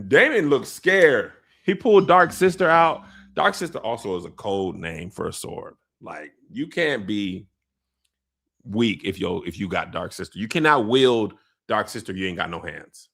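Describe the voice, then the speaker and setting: A man hosting a comedic recap of a TV episode, telling the story in animated slang and putting on playful voices for the characters. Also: fairly low pitch, moderate pace, gravelly, breathy edge. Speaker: show recap host.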